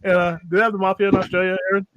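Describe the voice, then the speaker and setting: A man's voice: sits high, flat delivery, very fast, a bit bright, no echo, dull audio. A man hosting a casual live stream, joking, rambling and laughing often. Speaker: host.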